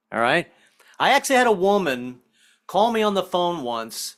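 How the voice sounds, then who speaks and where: A man performing a stand-up comedy set, animated and self-deprecating, slipping in and out of character voices. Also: sits high, brisk. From Southern United States family. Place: online virtual comedy show.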